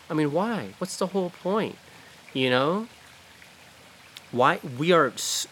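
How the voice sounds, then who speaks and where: Guy on a podcast ranting, swears a lot, says like and dude constantly, mid pitch, faint hiss behind. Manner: blunt, profane, heated, lots of fillers. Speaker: podcast host. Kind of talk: casual ranting talk.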